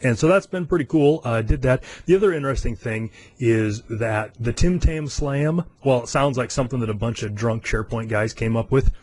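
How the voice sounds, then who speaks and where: A man's voice: mid-range voice, fairly quick, few pauses, darkish tone, slight background noise. A man in his forties from the United States, hosting a podcast in a casual, self-amused chat with frequent fillers and chuckles. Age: 40s. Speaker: podcast host.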